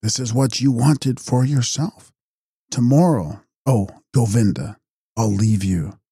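A man voicing a calm, wise young seeker who speaks quietly and kindly, without mockery. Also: lowish voice, takes it slowly, slightly rough, no room sound, clean studio sound. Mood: gentle, resolved.

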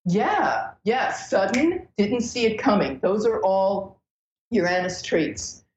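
Animated woman astrologer, roomy lo-fi sound. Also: mid-range voice, slow, a little hiss or hum. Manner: animated, breathless storytelling with many restarts. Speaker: astrologer guest. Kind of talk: casual podcast interview.

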